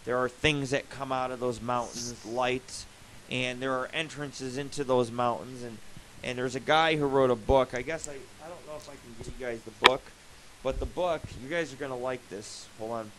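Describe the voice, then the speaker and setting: A man's voice: mid-range voice, steady tone, moderate pace, background noise. Profane rambling male radio host. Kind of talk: casual live radio monologue.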